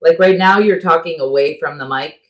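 A woman's voice: sits low, normal speed, dull audio. A woman co-hosting a podcast from home on headphones and a microphone, chatting casually with teasing, bossy comebacks. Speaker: podcast co-host. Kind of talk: casual chat. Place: at home, on a remote call.

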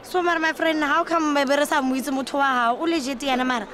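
A woman's voice: sits high, steady tone, fast, fairly bright tone, slight background noise. A supportive South African schoolgirl friend. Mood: friendly.

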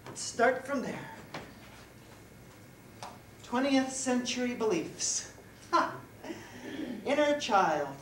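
Flustered female angel in training, a woman acting, giggly, chatty, lively pitch, echoey room, distant mic. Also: slow, pauses often, very noisy. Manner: giggly, chatty, addresses the audience directly. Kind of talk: live solo theater performance. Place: small cabaret stage with a live audience.

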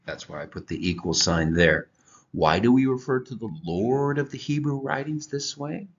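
A man teaching a Bible lesson from slides, explaining deliberately with occasional halting restarts. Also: mid-range voice, lively intonation. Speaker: church teacher. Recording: dull lo-fi recording.

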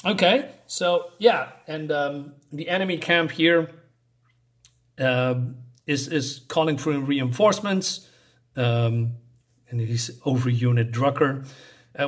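Halting man recapping a comic book. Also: fairly high pitch. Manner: halting, searching for words, frequent restarts. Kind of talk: casual comic review, recapping the story.

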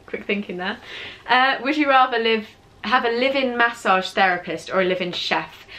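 A woman's voice: a little high, normal speed, pushed and bright, slight background noise. A young woman with a British accent from England, rambling and teasing herself as she answers viewer questions in a casual vlog. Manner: chatty, self-mocking, rambling. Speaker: vlogger. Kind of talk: casual Q&A chat. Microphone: camera on tripod with ring light.

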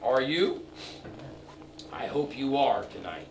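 A man's voice: medium pitch, expressive, takes it slowly, recorded from a distance, a little hiss or hum. Man preaching emphatically in an echoey church. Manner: storytelling, building to loud emphatic preaching. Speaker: evangelist. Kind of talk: sermon.

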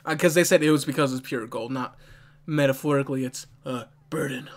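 An excitable anime reaction host in casual commentary, often laughing and talking back to the screen. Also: mid-range voice, a little fast.

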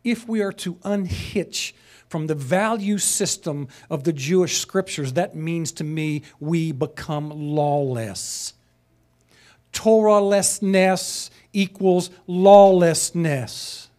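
A man's voice: a little high, slow, a little mellow. A man teaching a sermon-style lesson, conversational and passionate, rising to emphatic peaks. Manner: conversational asides, chuckles.

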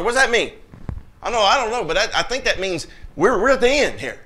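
Guy preaching a sermon, kinda high voice, emphatic, keeps calling out to the crowd. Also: sing-song, fairly quick, pushed and bright. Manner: emphatic, talks directly to the congregation; reads scripture aloud in King James wording. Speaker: pastor.

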